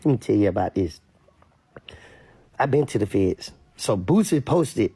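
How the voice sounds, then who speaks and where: Louisiana man, blunt emphatic commentator, husky and gravelly, dry close sound. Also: on the low side, expressive, unhurried, mellow, no room sound. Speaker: online commentator. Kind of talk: casual commentary rant.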